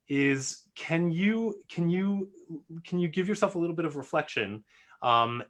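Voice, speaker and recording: Guest coach: thoughtful man, halting then quick, slightly high voice. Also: a bit bright. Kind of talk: live Q&A chat.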